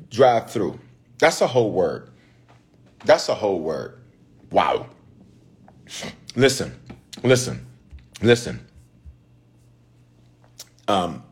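A man preaching as a bishop, talking to his congregation in a loose, conversational way. He repeats his key lines and asks the crowd to respond. His pitch is middling but ranges widely. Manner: repetitive, call-and-response preaching; conversational, slangy delivery. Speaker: bishop and pastor. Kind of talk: sermon.

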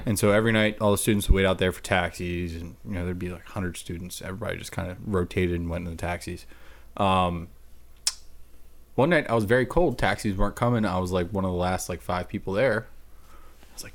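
Young adult man, low voice, quick pace, wry deadpan storyteller. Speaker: podcast co-host. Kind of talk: casual storytelling chat.

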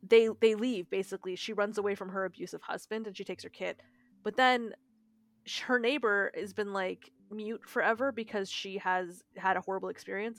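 A woman co-hosting a podcast, telling a story in a casual, animated way and swearing freely. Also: mid-range voice, no room sound. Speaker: podcast co-host. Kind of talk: casual chat.

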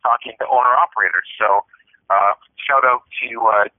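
A man's voice: medium pitch, moderate pace, no room sound. Man telling stories over a tinny line. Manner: animated storyteller acting out quoted voices. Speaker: podcast host. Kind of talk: casual storytelling chat. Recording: dry tinny phone-like sound.

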